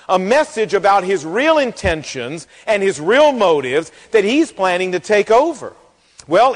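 A man preaching a sermon as pastor, folksy and animated, acting out the quotes in the story. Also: high voice. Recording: long hall reverb.

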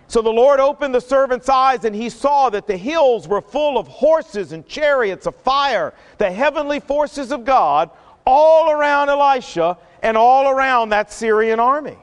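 Man preaching, emphatic and repetitive, very high pitch, hall reverb. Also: normal speed, smooth. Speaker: pastor. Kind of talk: sermon.

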